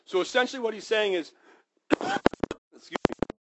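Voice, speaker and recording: A man preaching a sermon, animated and storytelling, who acts out characters with sudden high yelps and drops to a hushed voice for reverent points. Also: a little slow, pauses often, rough recording.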